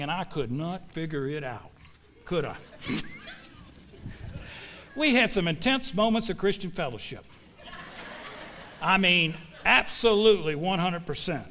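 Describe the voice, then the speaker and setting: A man with a fairly high voice for his sex, preaching in a church. He speaks in a folksy, emphatic way and leans on homespun sayings to drive each point home to his congregation. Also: fairly bright tone. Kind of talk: sermon.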